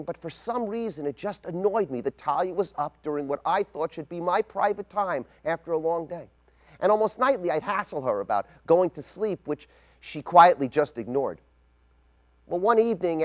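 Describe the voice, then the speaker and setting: A middle-aged man giving a scripted spoken essay as a rabbi, telling a personal story in a measured, reflective way. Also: fairly high pitch.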